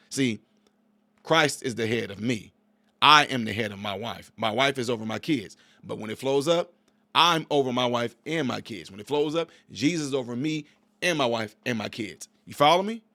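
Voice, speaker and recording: A man's voice: mid-range voice, lively intonation, brisk, bright, forceful tone, dry recording. Emphatic preachy man in his forties. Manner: emphatic, preachy, repeats himself. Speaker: commentator reacting to a video clip. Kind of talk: opinionated reaction commentary.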